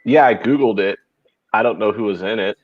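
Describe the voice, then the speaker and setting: A man's voice: on the low side, fairly quick, no echo. A man on a betting panel, chatty and storytelling, with mild swearing. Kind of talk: casual sports betting chat. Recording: dull lo-fi mic.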